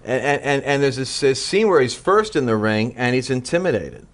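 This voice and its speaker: A man from the Northeastern US, a guest speaker on a talk show, telling energetic stories and acting out the people he quotes. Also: medium pitch, normal speed. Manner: energetic storyteller, acts out quotes, frequent restarts. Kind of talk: animated conversational teaching.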